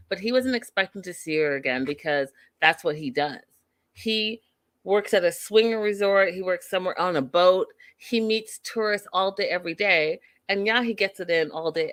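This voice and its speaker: A woman's voice: on the low side, bright, forceful tone, dry recording. A woman hosting a show, giving a chatty, opinionated recap of a reality TV episode and greeting viewers from the live chat. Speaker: show host.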